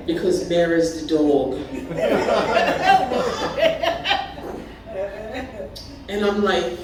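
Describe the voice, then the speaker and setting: A woman's voice: a little high, noisy background. Bermudian woman in her sixties doing stand-up. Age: 60s. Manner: chatty, animated, breaks into laughs. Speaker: stand-up comedian. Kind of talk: live stand-up storytelling. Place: party venue with a live audience. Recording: echoey room, mic from far off, audience laughter.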